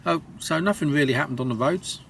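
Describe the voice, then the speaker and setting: A man's voice: fairly high pitch, quick pace, creaky, a bit bright, a little hiss or hum. A man, a lorry driver, chatting casually to his camera from inside his truck cab, rambling along with a lot of swearing and self-mockery. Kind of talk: casual vlog chat to camera.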